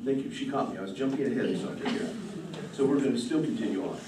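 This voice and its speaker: A man telling a myth to an audience in a relaxed way, repeating phrases as he goes. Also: medium pitch, rapid-fire, noisy background. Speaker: storyteller. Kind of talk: storytelling performance. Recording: roomy distant hall mic.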